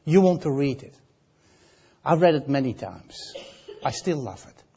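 Dutch accent guy preaching, slow and drawn out, big ups and downs, loud bits then soft asides. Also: mid-range voice, very animated, creaky, slightly rough, muffled recording. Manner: dramatic swings between loud emphasis and soft asides. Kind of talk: sermon.

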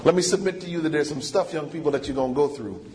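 A man's voice: fairly high pitch, quick pace, a little mellow. A man preaching a sermon, emphatic and repetitive, drawing call-and-response from the congregation.

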